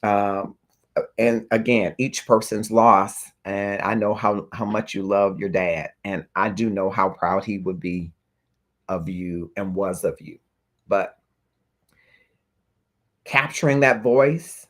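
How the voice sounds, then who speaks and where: Man, fairly low voice, talk show host, earnest, reflective, addresses viewers directly. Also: measured pace. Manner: earnest and reflective, checks in with listeners. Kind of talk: heartfelt livestream talk to viewers.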